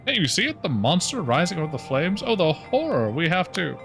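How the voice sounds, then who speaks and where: A man goes high and fluttery for a flustered mayoress who fusses over appearances while dodging the truth. Her lines leap up and down with nervous energy, with soft music faintly under a game reading. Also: very animated, a little fast, full character voice. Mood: frantic. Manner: jittery, fussy and prim. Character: frazzled, evasive female village mayor.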